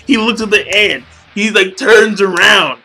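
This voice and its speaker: A young man gushing about a comic chapter in a casual video review, excitable and full of swearing and slang. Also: high-pitched, measured pace, vocal fry, rough recording. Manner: hyped, profane, slangy fanboy gushing.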